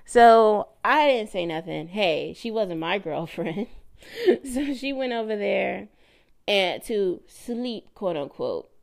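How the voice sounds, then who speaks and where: A woman with a lowish, gravelly voice tells a personal story on her podcast. She talks casually and animatedly, laughing as she goes and putting on voices for the people she quotes. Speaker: podcast host.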